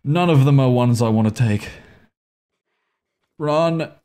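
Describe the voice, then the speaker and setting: A man's voice: medium pitch, takes it slowly, dark tone. A man nervously talking through a horror game, swearing often and coaxing the characters on screen. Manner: nervous, swears often, voice leaps up when startled; coaxes and scolds characters on screen. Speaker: gaming video host. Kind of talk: anxious horror-game commentary.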